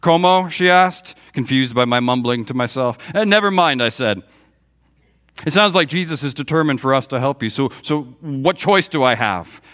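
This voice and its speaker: A man's voice: medium pitch, animated, normal speed, fairly bright tone. Man preaching a story-driven sermon. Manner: storytelling preacher, quoting dialogue with feeling. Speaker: pastor. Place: church sanctuary.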